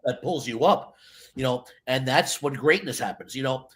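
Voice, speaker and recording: A man, a stage hypnotist, chatting in a casual interview and telling lively stories, acting out other people's voices. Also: medium pitch, moderate pace. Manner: animated storyteller, acts out voices.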